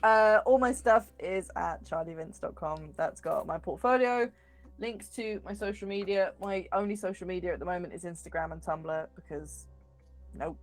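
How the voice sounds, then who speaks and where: A woman chats casually on a game stream, quick and self-mocking. Her voice sits a little low, with faint music underneath. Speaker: player. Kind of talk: casual chat.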